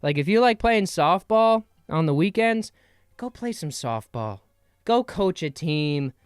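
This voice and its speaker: A man's voice: sits high, lively intonation, unhurried, clear, resonant tone, no room sound, studio quality. Playful rambling young man hosting. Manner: rambling, playful, jumps between bits. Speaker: podcast host. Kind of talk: casual comedic monologue.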